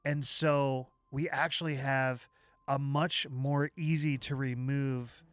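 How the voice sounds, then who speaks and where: A man hosting a livestream, walking through software live while thinking aloud, with halting restarts, and chatting with viewers as he works. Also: medium pitch, level tone, clear, resonant tone, no echo. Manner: chats with viewers while working. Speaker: livestream host.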